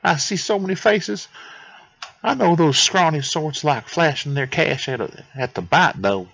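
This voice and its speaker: A man's voice: mid-range voice, lively intonation, a little fast, bright, forceful tone. A man voicing a boisterous, rambling male character who won't stop telling stories. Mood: evasive. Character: chatty male mountain-town friend, pushy storyteller. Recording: dull dry lo-fi mic.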